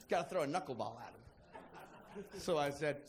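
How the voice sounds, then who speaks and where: A man doing stand-up, telling a profane story in a playful, animated way to a live audience. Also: high voice, normal speed. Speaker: stand-up comedian. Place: comedy stage before a live audience. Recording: live crowd laughter.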